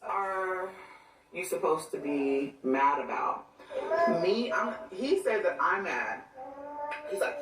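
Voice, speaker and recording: A woman's voice: mid-range voice, sing-song, normal speed. A woman ranting on a livestream, venting with irritation and breaking off now and then to talk to people beside her. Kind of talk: livestream rant. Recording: echoey room voice from a distance.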